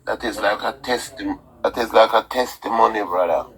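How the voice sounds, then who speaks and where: A man's voice: lowish voice, moderate pace, rough recording. A man with a Jamaican accent calling into a talk show, emphatic and repetitive, almost preaching. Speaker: caller. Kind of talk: call-in talk radio chat.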